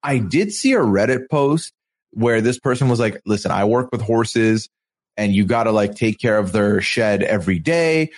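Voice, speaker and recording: A man co-hosting a podcast, chatting casually while recapping a reality show, with halting restarts and quotes he acts out. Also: fairly low pitch, animated. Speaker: podcast co-host.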